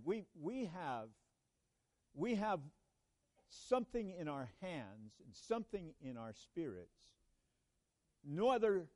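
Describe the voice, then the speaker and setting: A man preaching a sermon at a church conference in an earnest way, pausing and restarting, then rising to emphatic proclamations. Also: on the high side, a little mellow. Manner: slow, earnest, with halting restarts and sudden emphatic rises.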